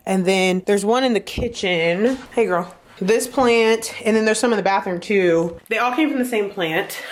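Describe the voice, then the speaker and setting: A woman chatting casually in a home vlog, animated, her voice jumping high when she exclaims. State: a bit out of breath. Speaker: vlogger. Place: apartment rooms, moving around.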